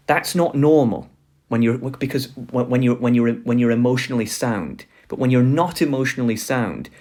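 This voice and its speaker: A man's voice: medium pitch, darkish tone, slightly rough. A man giving a casual online lecture, loose and full of fillers, often laughing.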